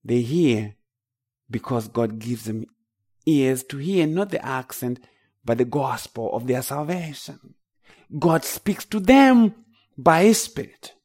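A man's voice: mid-range voice, animated, slow, a little mellow. A man with a Zimbabwean accent, from Zimbabwe, preaching a sermon with emphatic, rising declarations.

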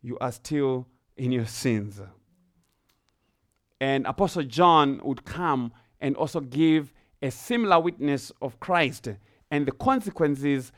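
A man preaching a sermon and reading scripture aloud, slow and emphatic, with rising and falling emphasis. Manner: slow, emphatic preaching with swells in pitch and loudness.

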